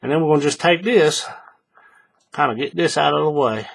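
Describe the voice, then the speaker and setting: A man's voice: a little high, a little fast, gravelly, slight background noise. A man casually walking viewers through a hands-on crafting tutorial, repeating steps and checking that they follow along. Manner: relaxed, repetitive, often checks the viewer follows. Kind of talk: casual step-by-step demonstration.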